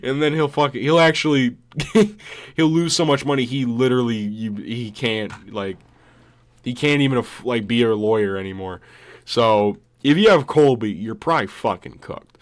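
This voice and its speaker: A man's voice: mid-range voice, moderate pace. Rambling, profane young man. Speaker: vlogger. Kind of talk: casual commentary.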